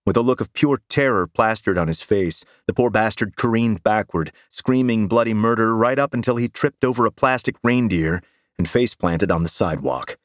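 A man narrating a first-person audiobook with wry, deadpan humor. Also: fairly low pitch, moderate pace, no room sound, studio quality.

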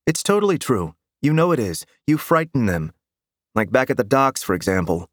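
A man's voice: medium pitch, very animated, moderate pace, dry recording, studio quality, voice pushed up, natural voice. A man voicing a petite, tough female partner who scolds with exasperation in an audiobook. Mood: exasperated. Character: petite tough woman partner, stern and impatient.

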